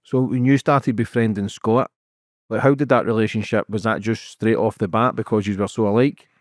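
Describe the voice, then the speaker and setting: A man hosting a podcast, asking curious, quick follow-up questions in a casual interview. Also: lowish voice, fairly even intonation, no echo, studio quality. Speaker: podcast host.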